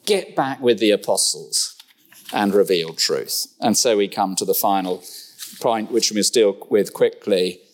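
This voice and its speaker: A middle-aged man preaching a sermon, conversational and lively, with rhetorical questions and humorous asides. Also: fairly low pitch, unhurried. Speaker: pastor.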